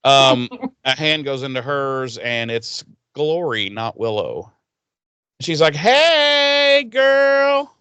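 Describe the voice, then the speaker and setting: A man telling a TV episode back to his co-host, swearing freely and jumping into quick impressions of the characters. His voice is smooth and resonant, and it sounds close and dry, with no room around it. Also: mid-range voice, no echo. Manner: animated, swears a lot, acts out characters' lines. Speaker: podcast co-host recapping an episode. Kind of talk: casual profane episode recap with quoted voices.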